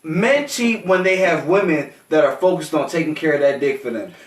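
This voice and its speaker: A man's voice: fairly high pitch, animated, moderate pace. A man co-hosting a casual podcast chat, emphatic and profane, who laughs through his own stories. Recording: roomy echo, distant mic.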